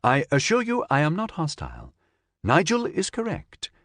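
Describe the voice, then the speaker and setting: A man's voice: fairly high pitch, wildly swooping pitch, moderate pace, fairly bright tone, dry recording, studio quality, pitched above the performer's own voice, exaggerated voice. A man doing a formal, courteous android. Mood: polite. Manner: formal, precise, polite.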